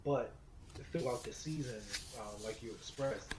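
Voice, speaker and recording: Podcast co-host, man, average pitch, measured hesitant delivery. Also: background noise. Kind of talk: casual sports chat.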